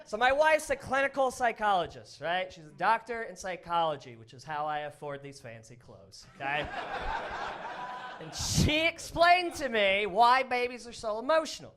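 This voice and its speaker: A man doing a stand-up comedy set, animated and often yelling in put-on voices. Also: high voice, moderate pace, background noise. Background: audience in a club.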